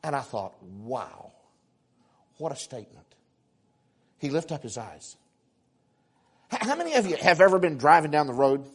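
A man delivering a sermon in a slightly high voice, swinging between loud acted-out exclamations and soft asides. He tells homely stories, stumbling over repeated words as he goes. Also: very animated, a little fast, long pauses, slightly rough. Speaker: preacher. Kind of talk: sermon storytelling.

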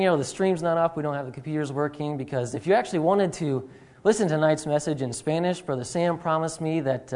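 A man's voice: on the high side, darkish tone. Man, young adult, guest preacher, casual and joking, church service. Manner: chatty, self-deprecating humor with frequent fillers. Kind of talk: sermon. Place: church sanctuary.

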